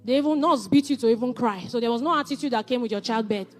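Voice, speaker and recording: Woman in her thirties, faith-based marriage teacher, high, animated and repetitive delivery, faint music behind. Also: fast talker. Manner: animated storytelling, repetitive emphatic phrasing.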